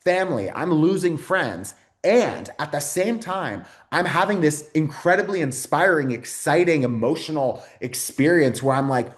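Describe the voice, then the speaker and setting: A man hosting an astrology video, talking casually and excitedly to his viewers, rambling with lots of fillers and frequent swearing. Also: on the high side, moderate pace, few pauses. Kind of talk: casual unscripted talk to camera.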